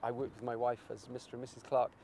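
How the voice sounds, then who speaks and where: A man's voice: medium pitch, little pitch movement, fast, dark tone, slight background noise. A man artist talking in a casual interview, rambling and searching for his words.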